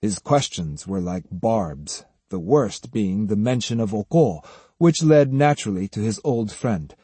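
A man reading a novel aloud as audiobook narrator, in a measured, even way, close to the mic. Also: lowish voice, husky, no room sound. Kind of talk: scripted narration.

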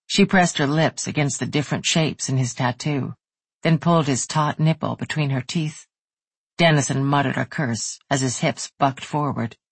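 An audiobook narrator giving a soft, unhurried, intimate reading of a romance novel. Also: mid-range voice, slightly rough, dry recording.

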